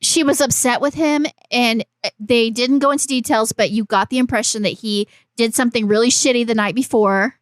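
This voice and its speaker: A woman's voice: fairly high pitch, fairly even intonation, a little fast, no echo, studio quality. A woman co-hosting a horror podcast, talking in a teasing, argumentative and profane way. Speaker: podcast co-host. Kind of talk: casual chat.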